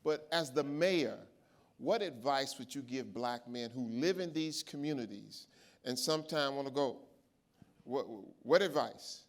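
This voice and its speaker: A man's voice: mid-range voice, animated, measured pace. A man moderating a conference panel, posing questions in a conversational way with fillers. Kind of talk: conference stage interview. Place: conference main stage before a live audience.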